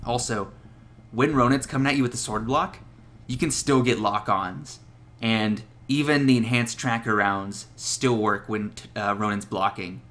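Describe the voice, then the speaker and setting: A man's voice: fairly low pitch, measured pace, fairly bright tone. A young man giving casual, profane gameplay tips as a voice-over, laughing at his own jokes. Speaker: gaming video creator.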